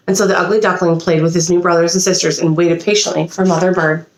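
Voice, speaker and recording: A woman reading a children's storybook aloud with expressive delivery and small slips. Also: fairly low pitch, fast, few pauses, reverberant. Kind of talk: reading a picture book aloud. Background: a child nearby.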